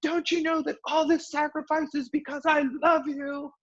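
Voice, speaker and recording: A shrill, fed-up parent at their wit's end, voice shooting way up high and sounding thin and strained, as a man acts it out. It comes through dull, lo-fi call audio. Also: little pitch movement, moderate pace, fairly bright tone. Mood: exasperated. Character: exasperated parent yelling at their kids.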